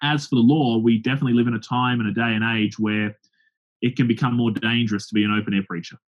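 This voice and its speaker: Male pastor, animated storyteller, a little raspy, muffled lo-fi audio. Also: mid-range voice, quick pace. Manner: lively anecdotal storytelling with acted-out quotes. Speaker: pastor and open-air preacher. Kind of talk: telling stories in an interview. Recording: dull lo-fi sound.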